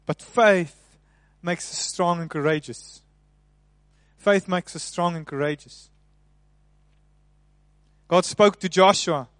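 A man preaching a sermon, swinging between soft, hushed passages and loud, emphatic ones. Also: sits high, slow, pauses often, no echo.

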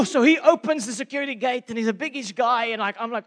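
A man in his forties from South Africa, preaching a sermon and telling a story about himself with animated, self-mocking energy. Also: very high voice, normal speed, pauses often. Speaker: pastor. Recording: long reverb of a hall.

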